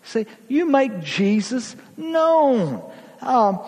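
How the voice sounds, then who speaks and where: Husky, animated male preacher in a reverberant hall. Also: slow. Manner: folksy, emphatic preaching with big swings in pitch and loudness. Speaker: pastor. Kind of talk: sermon.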